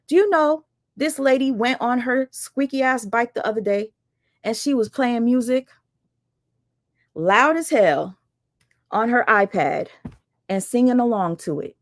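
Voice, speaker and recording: A woman's voice: a little high, measured pace, long pauses, dry recording, clean studio sound. A woman hosting her livestream, calling someone out in a blunt, sarcastic, fired-up casual rant. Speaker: livestream host.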